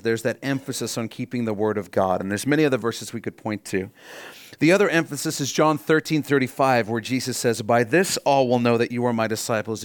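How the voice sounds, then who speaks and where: A man delivering a sermon, teaching earnestly and putting rhetorical questions to his listeners. His voice sits at a middling pitch. The sound is dry and close, with little room around it. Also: no echo. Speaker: pastor.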